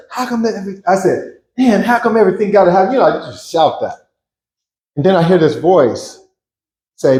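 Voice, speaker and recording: Man, testimony speaker, emotional and earnest, slightly raised pitch, roomy echo. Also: darkish tone. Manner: earnest, emotional storytelling with repeated words and laughs. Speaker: church member giving testimony. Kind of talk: personal testimony.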